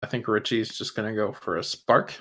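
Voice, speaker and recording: A man's voice: lowish voice, a little fast, pushed and bright, breathy edge. A man playing in a tabletop game, chatting in a laid-back, offhand way. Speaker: player. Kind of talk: casual chat during a tabletop game.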